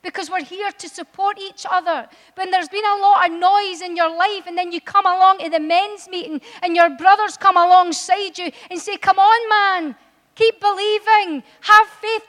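Very high-voiced woman preaching in a hall. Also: moderate pace, hardly any pauses. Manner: impassioned, rising to loud emphatic appeals. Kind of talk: sermon. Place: church. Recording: long hall reverb.

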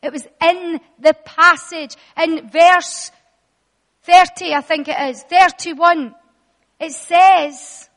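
High-voiced woman preaching in echoing hall. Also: fairly even intonation, fairly bright tone. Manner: emphatic, repetitive preaching with dramatic pauses. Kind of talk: sermon. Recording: reverberant hall.

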